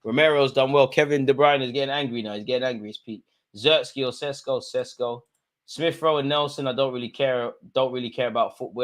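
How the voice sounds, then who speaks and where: A man hosting a live football watch-along, chatting in slang about the match and breaking into loud shouts when a chance or goal comes. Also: mid-range voice. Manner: London slang, bursts into shouting at chances and goals.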